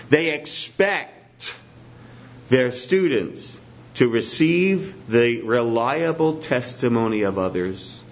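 A man preaching a sermon in a teacherly way, repeating his key points for emphasis. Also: fairly high pitch. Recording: dull lo-fi recording.

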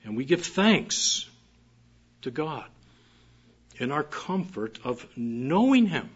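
A man's voice: on the high side, very animated, slow pace, breathy edge. Man, preacher, sermon, emphatic scripture reading, dull lo-fi sound. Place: church service. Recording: muffled dull recording.

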